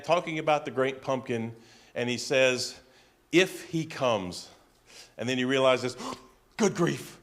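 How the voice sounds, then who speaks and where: A man's voice: medium pitch, fairly bright tone. Man preaching, conversational and emphatic. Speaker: pastor. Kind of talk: sermon.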